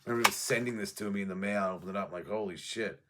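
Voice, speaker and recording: A man's voice: lowish voice, steady tone, rapid-fire, noisy background. A man rambling casually about his past, profane and offhand, trading memories as he goes. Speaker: music show host.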